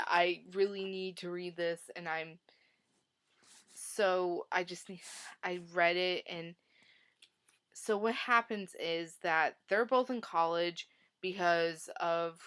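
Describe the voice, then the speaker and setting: Woman, book review vlog, casual chat, slow pace, says "like" a lot, emotional retelling. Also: fairly low pitch, fairly bright tone, smooth. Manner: chatty, heavy use of "like", emotional retelling.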